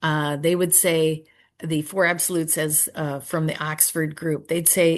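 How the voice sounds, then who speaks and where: Low-voiced woman at a recovery meeting, soft and earnest, kinda hesitant, searching for words. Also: level tone, unhurried. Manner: soft, earnest, prayerful, trails off quietly. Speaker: speaker sharing at a recovery meeting. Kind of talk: personal share and Q&A answer.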